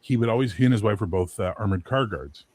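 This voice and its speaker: A man in casual chat, telling profane, animated anecdotes and acting out the people in them. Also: lowish voice, fast talker.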